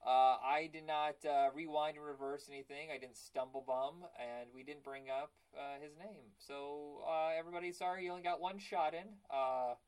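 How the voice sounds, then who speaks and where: A man's voice: a little high, steady tone, moderate pace, hardly any pauses, a little mellow, clear, resonant tone, low-quality recording. A young man hosting a podcast in casual chat, rambling and stumbling over his words. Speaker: podcast host.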